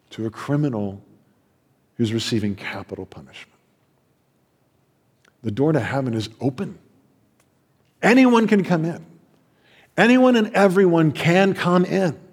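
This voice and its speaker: A man preaching a sermon as a pastor, passionate, swinging between loud emphasis and hushed asides. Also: on the high side, lively intonation, normal speed, pauses often, breathy edge. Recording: long hall reverb.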